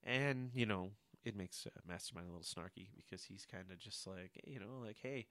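Bright-voiced man chatting about comics. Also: deep voice, a little fast, no room sound. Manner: laughs often, acts out characters' lines. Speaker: podcast co-host. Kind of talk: casual comic book discussion.

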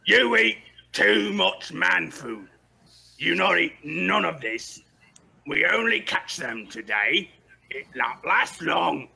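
A man voicing a bossy male bugbear chieftain who speaks slowly in blunt, broken grammar. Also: on the high side, very animated, vocal fry, bright, forceful tone, slightly rough, voice pushed up, heavily acted.

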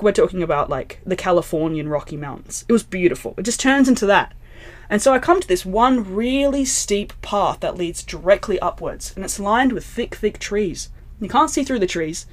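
Woman, animated storytelling, casual chat, lots of acted-out quotes. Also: mid-range voice. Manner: animated, acts out dream dialogue with lots of "like". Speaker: interview guest, illustrator.

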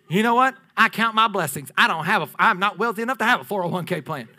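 Preacher guy, high bright voice, goes loud then drops to a hush, jokes with the church. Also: racing, few pauses. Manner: animated, swinging from loud declarations to near-whispers; playful asides with laughter to the congregation. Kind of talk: sermon.

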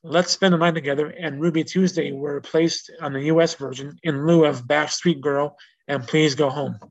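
A man's voice: fairly high pitch, steady tone, normal speed. A man hosting a casual solo music-history podcast. He reads from notes and drifts into rambling asides full of restarts and self-corrections. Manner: reads out notes in a plain informational way. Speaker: podcast host. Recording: dull lo-fi recording.

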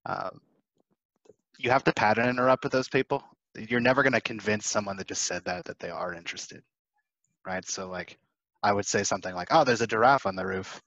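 A young man with a fairly low voice chats loosely about cold calling, slipping into little acted-out phone exchanges. The audio is dry and a little dull, like a lo-fi recording with no room sound. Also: a little fast, long pauses, no room sound. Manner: animated, acts out phone exchanges. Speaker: sales panelist. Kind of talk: casual advice chat.

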